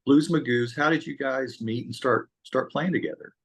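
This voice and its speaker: A man interviewing a guest, relaxed, mostly giving short affirmations and questions. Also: mid-range voice, normal speed, creaky, slightly rough, dry recording. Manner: laid-back, brief affirmations. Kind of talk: casual interview.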